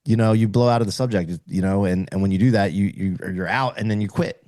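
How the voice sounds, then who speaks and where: A man's voice: lowish voice, fast talker, darkish tone, no echo. A middle-aged man speaking as a podcast guest, explaining earnestly in casual conversation with frequent restarts.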